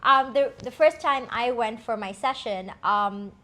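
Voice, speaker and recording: Candid woman, higher voice, telling a story. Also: unhurried, fairly bright tone. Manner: candid, reflective, many fillers. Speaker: co-host. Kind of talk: casual personal storytelling.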